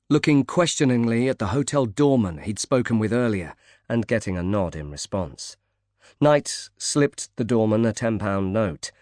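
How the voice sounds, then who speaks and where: A man's voice: lowish voice, darkish tone, no echo. Man narrating an audiobook, dry. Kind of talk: scripted narration.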